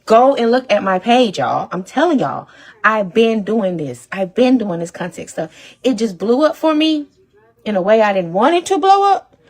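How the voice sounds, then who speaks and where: A woman content creator pours out an emotional, rambling rant straight to her followers, pleading and swearing. She talks fast and restarts often, with sudden swings in intensity. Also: on the high side, animated, a little mellow. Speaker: social media content creator. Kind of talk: emotional direct-to-camera rant.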